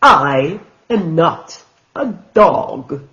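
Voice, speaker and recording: A woman voicing a blunt male coyote who answers back slowly and firmly in a picture book read-aloud. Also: deep voice, expressive, fairly bright tone, dull audio, exaggerated voice.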